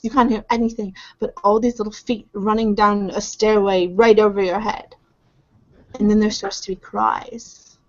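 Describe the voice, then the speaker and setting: As game master of a tabletop game, this woman describes scenes vividly and imitates sounds. She speaks at normal speed in a mid-range voice with little pitch movement, captured in dull lo-fi audio.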